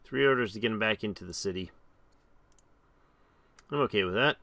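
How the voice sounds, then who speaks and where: A man giving casual, chatty commentary while playing a strategy game, reading the game's text aloud and reacting with animated exclamations. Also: fairly low pitch, fairly quick, no echo. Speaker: game streamer.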